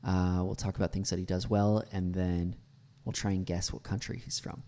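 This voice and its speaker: A man's voice: sits low, level tone, normal speed, warm tone, big-room sound, a little hiss or hum. An American man teaching English, critiquing a speech clip in a chatty way with many fillers. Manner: chatty, many fillers, repeats words for analysis.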